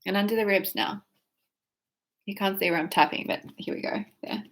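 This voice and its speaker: A woman's voice: medium pitch, fairly even intonation, fairly bright tone. A woman leading a guided tapping and breathing exercise, giving instructions and speaking emotional phrases for listeners to repeat. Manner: slow, guiding, with yawns and whiny repeated phrases. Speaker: tapping practitioner.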